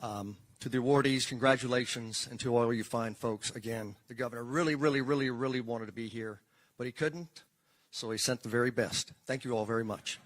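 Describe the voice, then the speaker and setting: A man's voice: medium pitch, fairly quick, rough recording. A man speaking as a government advisor, giving a public speech in a folksy, joking, storytelling way at an indoor ceremony on a podium microphone.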